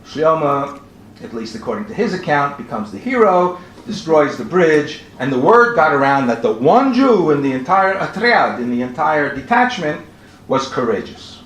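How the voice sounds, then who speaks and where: A man giving a measured academic lecture at a conference, reading out quotations as he goes. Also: on the high side, sing-song, fairly bright tone. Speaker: conference speaker. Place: conference hall. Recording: roomy hall with faint ambience.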